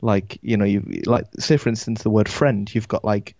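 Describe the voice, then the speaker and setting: A man with a Geordie accent chatting casually on a podcast, halting with lots of restarts. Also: on the low side, fairly even intonation, a little mellow, dry recording. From Newcastle area, England. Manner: halting, many restarts and fillers. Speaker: guest podcaster. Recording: dull, lo-fi sound.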